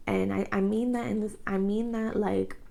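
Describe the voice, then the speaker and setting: A thirty-year-old beauty vlogger speaks earnestly into her camera mic about something emotional and personal, repeating phrases and leaning heavily on "like." Her mid-range voice is gravelly and warm, with a level tone at normal speed, and the audio is poor.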